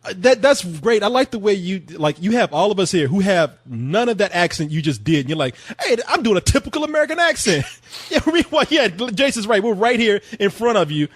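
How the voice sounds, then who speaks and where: A man hosting a casual podcast, animated and ribbing the others, swearing freely. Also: high voice, brisk. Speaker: podcast host.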